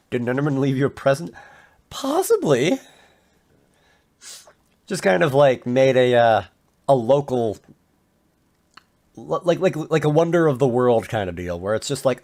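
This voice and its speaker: A man chatting casually while he streams a game, rambling and poking fun at himself. His talk is slow and unhurried, with a gravelly rasp. His pitch swings widely as he drops into silly voices. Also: big pitch swings, a little mellow. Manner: rambling, self-mocking, with playful voice bits.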